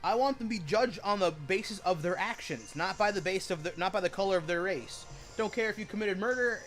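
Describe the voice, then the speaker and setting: A man's voice: high voice, brisk, fairly bright tone, soft background music. A man streaming while gaming, ranting in a heated, swearing way, full of "like" and "it's like" fillers. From United States. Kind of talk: casual rant while gaming.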